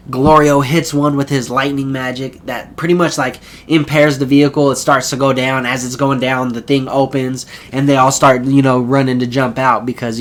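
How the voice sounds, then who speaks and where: Casual rambling man recapping an episode. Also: medium pitch. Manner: loose, rambling retelling with quick character voices. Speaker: anime reviewer.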